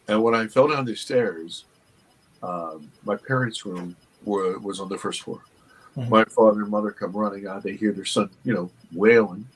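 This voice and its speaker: A man, an interview guest, earnestly telling a personal story with halting restarts. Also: fairly low pitch, husky, low-quality recording. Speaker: interview guest, documentary producer.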